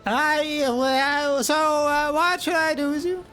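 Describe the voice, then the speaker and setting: A man voicing a hesitant male lord who questions a servant with halting fillers, reading game dialogue aloud. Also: very high-pitched, bright, forceful tone, faint music behind, heavily acted.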